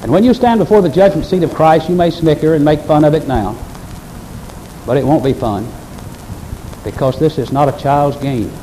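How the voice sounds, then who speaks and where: Man, pastor, sermon, earnest, emphatic, slightly high pitch, mellow tone. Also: normal speed, pauses often, slight background noise, poor audio. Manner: earnest, emphatic preaching, addressing the congregation directly.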